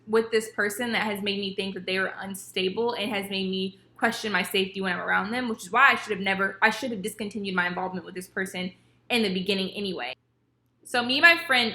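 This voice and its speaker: A young woman vlogger telling a personal story in casual, animated storytime style, acting out what others said. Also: medium pitch. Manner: animated, acts out quotes of others. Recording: echoey room.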